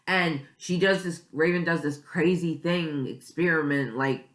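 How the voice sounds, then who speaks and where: A woman's voice: low-pitched, fairly even intonation, measured pace, fairly bright tone. Emotional rambling woman in an echoey room. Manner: emotional, rambling, many "like" fillers. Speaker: vlogger. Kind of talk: casual reaction vlog.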